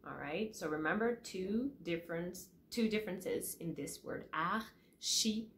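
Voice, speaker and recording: A woman teaching pronunciation, repeating each word slowly and checking in with "all right?" after each point. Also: fairly low pitch, animated, a little hiss or hum. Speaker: French teacher. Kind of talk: pronunciation lesson to camera.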